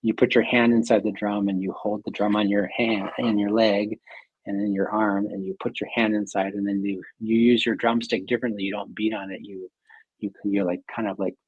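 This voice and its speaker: A man with a husky, slightly low voice tells a story in loose, chatty conversation, with fillers and frequent laughter. The sound is dry and a little muffled, like a lo-fi remote feed. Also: level tone, brisk, dry recording. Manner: laughs often while telling stories, rambling with many fillers. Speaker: guest, clinic doctor.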